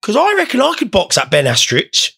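A man's voice: high-pitched, huge pitch swings, a little fast, creaky, sharp tone, husky. A young man hosting a casual podcast, rambling, swearing and joking while stoned. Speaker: podcast host.

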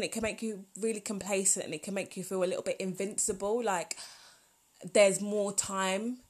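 A woman's voice: medium pitch, steady tone, moderate pace. A woman, hosting a solo podcast in a chatty, rambling, heartfelt way. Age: 20s. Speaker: podcast host. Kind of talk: casual solo podcast talk.

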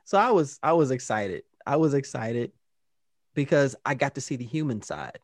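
A man co-hosting a podcast, telling animated stories and acting out the exchanges he quotes. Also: medium pitch, normal speed, no echo, clean studio sound. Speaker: podcast co-host. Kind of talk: casual storytelling chat.

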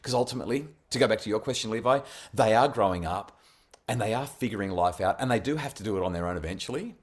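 A man, a parenting expert guest on a podcast, telling stories with animated, acted-out dialogue. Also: on the low side, fast talker. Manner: animated, acts out quoted dialogue with laughs. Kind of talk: conversational storytelling on a podcast.

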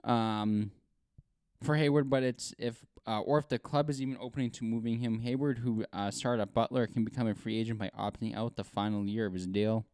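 A man's voice: lowish voice, fairly even intonation, brisk, darkish tone, clear, resonant tone, no echo. A man co-hosting a casual sports podcast, rambling eagerly through his opinions. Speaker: podcast co-host.

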